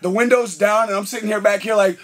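Guest: young man, high voice, excitable storyteller who acts out the lines. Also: quick pace, a crowd in the background. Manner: excitable, filler-heavy, acts out quotes. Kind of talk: casual storytelling.

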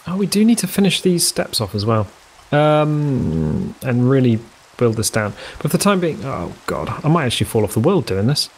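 A man's voice: mid-range voice, big pitch swings, moderate pace, husky, low-quality recording. Man thinking aloud over a game. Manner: thinks aloud, counts under his breath, self-mocking asides. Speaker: let's play host. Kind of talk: casual gameplay commentary.

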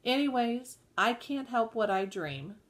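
Melancholy old farmer, sighing and grumbling, as a woman reader voices him, slow delivery. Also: a little high, expressive, voice pushed up. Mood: weary. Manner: tired, grumbling. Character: weary melancholy older farmer husband. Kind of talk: audiobook reading.

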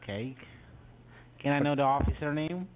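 A man's voice: a little high, normal speed, far from the mic, slight background noise, poor audio. A man working a scam call center, politely asking a caller for personal details. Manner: formal scripted, polite.

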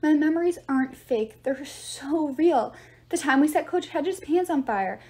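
Woman reader doing a nervous, pushy teen girl, warm and high-ish, storybook read. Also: animated, measured pace. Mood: insistent. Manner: pleading and rambling. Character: teen girl demigod, anxious, insistent. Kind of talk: audiobook reading.

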